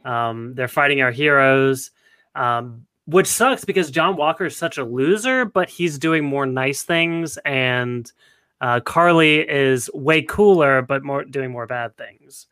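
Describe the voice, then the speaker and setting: A man's voice: mid-range voice, slow, pushed and bright, clear, resonant tone, dry recording. A man hosting a podcast panel, chatting casually and enthusiastically and steering the discussion to the others. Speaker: podcast host.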